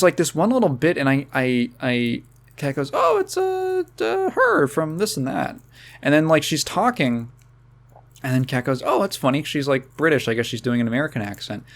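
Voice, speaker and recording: A young man hosting a casual podcast, rambling with many fillers and restarts and chuckling as he talks. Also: mid-range voice. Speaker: podcast host. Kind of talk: casual chat.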